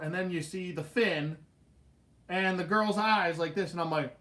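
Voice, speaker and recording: Livestream host, male, slightly raised pitch, lively casual storyteller who laughs and swears. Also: measured pace, pauses often. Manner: animated, laughing, swearing, acts out quotes.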